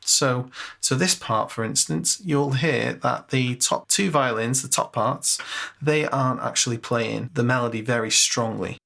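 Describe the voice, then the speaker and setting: Male music tutor, mid pitch with some fry, talks casually and thinks aloud at a desk mic. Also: unhurried, a bit bright. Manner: chatty, self-mocking, thinks aloud with fillers. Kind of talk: casual screen-share tutorial.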